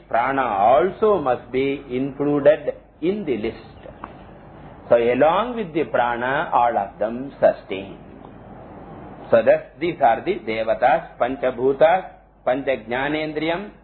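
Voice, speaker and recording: Male teacher, fairly high voice, measured scripture class, lo-fi phone-like recording. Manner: slow, explanatory, chants Sanskrit terms. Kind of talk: scriptural lecture. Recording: tinny phone-like lo-fi audio, faint hiss.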